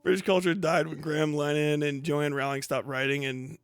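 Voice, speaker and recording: Profane, high-voiced man ranting on stream. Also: flat delivery, moderate pace, dry recording. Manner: profane, laughing, rambling. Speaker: livestream host. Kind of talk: casual livestream rant.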